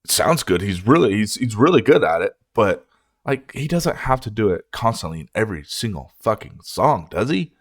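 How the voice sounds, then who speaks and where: A low-voiced man talks through a music reaction in a loose, rambling rant. He swears often and gets worked up. His voice is close and dry, with no room echo. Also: moderate pace. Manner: ranting, profane, animated. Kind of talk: casual reaction commentary.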